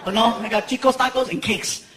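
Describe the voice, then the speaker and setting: A male stand-up comedian telling stories in an animated way, laughing as he talks in front of a live theater audience. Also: extremely high pitch, a little fast, heavy background noise. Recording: echoey theater, loud laughing crowd.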